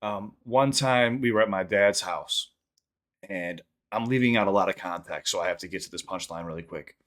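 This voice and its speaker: A man hosting a reaction channel, rambling through a story and quick sign-off plugs in casual chat. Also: low-pitched, fairly bright tone.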